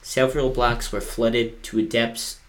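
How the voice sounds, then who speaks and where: A man's voice: medium pitch, level tone, measured pace. A man co-hosting a podcast, chatting casually, cracking jokes and reading facts aloud. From Iowa. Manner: joking, reads facts aloud from a screen. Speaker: podcast co-host. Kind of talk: casual chat.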